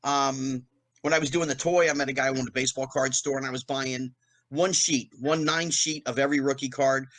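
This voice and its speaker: A middle-aged man, a podcast guest, telling anecdotes in a lively way and acting out the voices of people he quotes. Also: medium pitch, a little fast, low-quality recording. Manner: animated, acts out quoted voices. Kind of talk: anecdotal storytelling.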